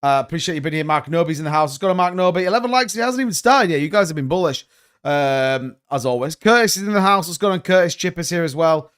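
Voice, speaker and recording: Chatty livestream host. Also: male voice, fairly high pitch, expressive, fast, a bit bright, smooth. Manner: chatty, greets viewers by name, rambling. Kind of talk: casual livestream chat.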